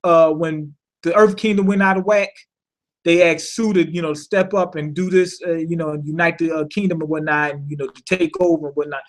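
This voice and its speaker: A man's voice: a little high, fairly quick. Loose, profane man recapping an episode. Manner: loose and profane, heavy on slang and fillers; animated, thinks aloud with rhetorical questions. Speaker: cartoon episode reviewer. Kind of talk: casual spoken recap.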